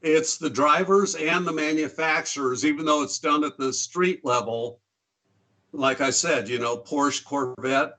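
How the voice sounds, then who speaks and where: A man's voice: on the high side, a little slow, pushed and bright. A man guesting on a podcast, chatting casually and telling jokes playfully. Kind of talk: casual chat.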